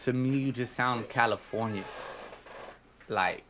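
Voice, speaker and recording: A man's voice: mid-range voice, unhurried, fairly bright tone, lo-fi sound, a little hiss or hum. A young man from Los Angeles with a South Central twang, chatting casually and profanely on a podcast, full of fillers and restarts. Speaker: podcast co-host. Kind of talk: casual chat.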